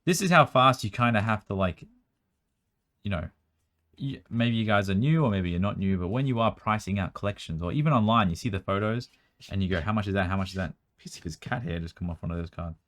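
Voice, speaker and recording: A young man with a strained, worn-out voice, chatting quickly as he sorts through a card collection at home, with bursts of excitement. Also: lowish voice. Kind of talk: casual running commentary while sorting cards. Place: room at home.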